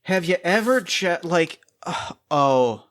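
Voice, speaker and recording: A man's voice: high voice, animated, slow, fairly bright tone, pitched above the performer's own voice, full character voice. A man voicing a flustered, effusive female celebrity who gushes, apologizes and stammers. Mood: gushing.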